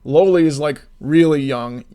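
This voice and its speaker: A man's voice: on the high side, unhurried. Swearing, ranting male game developer. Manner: swears freely, animated ranting storyteller; slides into explanatory commentary. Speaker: indie game developer streaming. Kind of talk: casual livestream chat.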